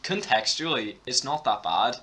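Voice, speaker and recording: A man's voice: medium pitch, big pitch swings, moderate pace, sharp tone. A teenage boy, co-hosting a casual film podcast, bluntly mocking characters and swearing. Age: teens. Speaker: podcast co-host.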